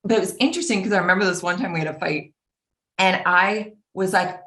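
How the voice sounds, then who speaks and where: A woman giving an earnest, animated personal talk, acting out the voices of the people she quotes. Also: on the low side, fast talker. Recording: roomy echo.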